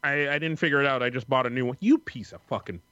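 A man co-hosting a casual podcast, loud and heavily profane, saying "bro" a lot. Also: medium pitch, rapid-fire, muffled recording. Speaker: podcast co-host.

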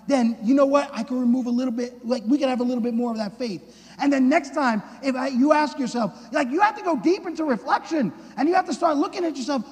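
A man's voice: extremely high pitch, fairly quick. A male preacher giving an informal, conversational sermon, thinking aloud with restarts and sudden bursts of emphasis. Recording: long hall reverb.

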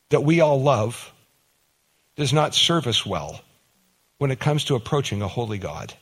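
A man preaching a conversational sermon, his pitch swinging up for emphasis and down for weight. He repeats words as he builds a point and slips into short acted-out exchanges. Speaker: pastor.

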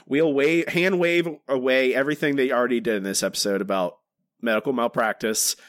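A man's voice: medium pitch, a little fast, no room sound, studio quality. A man co-hosting a podcast, talking casually and rambling with frequent restarts. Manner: rambling, many restarts, animated. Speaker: podcast co-host.

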